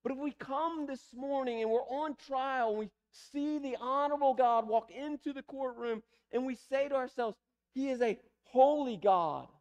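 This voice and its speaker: High-voiced preacher man, pleading. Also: darkish tone, clean tone. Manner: pleading, building to emphatic repetition. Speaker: pastor. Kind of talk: sermon. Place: church sanctuary.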